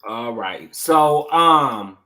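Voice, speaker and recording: Speaking very slowly at medium pitch, a male livestream host chats casually with his viewers. He's animated, keeps repeating himself, and talks straight to the chat.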